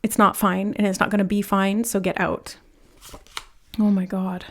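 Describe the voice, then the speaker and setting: A nervous woman with a mid-range voice does a pick-a-card tarot reading for her viewers, laughing from nerves. She talks fast in loose, animated bursts full of fillers, speaks directly and earnestly to the listener, and slips into quick imitations of the people she describes.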